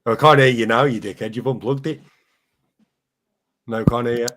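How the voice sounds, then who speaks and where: A man's voice: medium pitch, fairly even intonation, normal speed, fairly bright tone. A man helping with a live online show, cutting in with mocking, sweary remarks. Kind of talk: casual live-stream chat.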